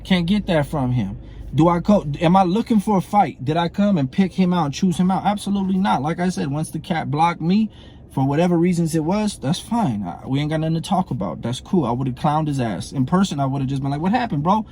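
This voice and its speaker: A middle-aged man speaks straight to camera in a heated, profane call-out. His voice sits a bit high for a man but has a mellow, warm tone. He hammers on the same points and keeps checking in with "you know what I'm saying.". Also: expressive, a little fast, slight background noise. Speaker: former prison inmate calling out a comedian. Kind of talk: confrontational monologue to camera.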